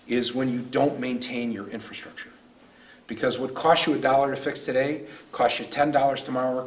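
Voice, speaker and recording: A man's voice: medium pitch, fairly bright tone. A man, a state senator, telling stories earnestly in a speech at a neighborhood meeting, sometimes emotional. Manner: earnest, storytelling, acts out quoted voices; emotional at times. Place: community meeting room. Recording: distant mic, faint room noise.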